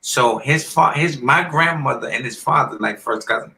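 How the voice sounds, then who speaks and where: A man in his fifties, a former boxer and podcast guest, telling animated stories in a casual interview and often clearing his throat. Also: mid-range voice, normal speed, low-quality recording. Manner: animated storyteller who acts out quoted voices.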